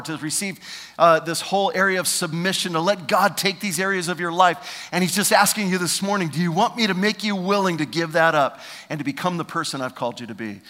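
A man in his fifties preaching a sermon as pastor, swinging between loud preaching and hushed asides. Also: fairly high pitch, long reverb tail. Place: church.

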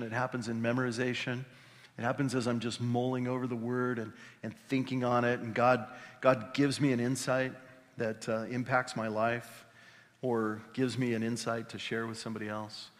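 A pastor preaching a conversational, animated sermon with exclamations. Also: male voice, on the low side. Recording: reverberant hall.

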